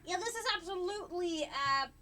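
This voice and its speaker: A woman's voice: high-pitched, lively intonation, a little slow, sharp tone, recorded from a distance, soft background music. A woman streamer chatting casually on a livestream, giggly and flustered, often stopping to restart her sentences.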